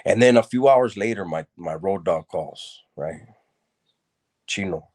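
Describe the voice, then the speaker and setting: Deep-voiced man telling his story. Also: expressive, unhurried, darkish tone. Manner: street slang, loose and repetitive. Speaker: man recounting his past. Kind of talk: casual spoken storytelling.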